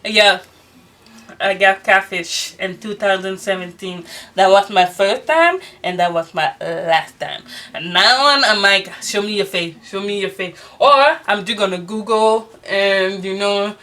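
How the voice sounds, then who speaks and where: Bright-voiced young woman telling a story. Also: medium pitch, measured pace. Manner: animated, swearing, retelling with quoted dialogue. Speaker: beauty vlogger. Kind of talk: casual storytime chat.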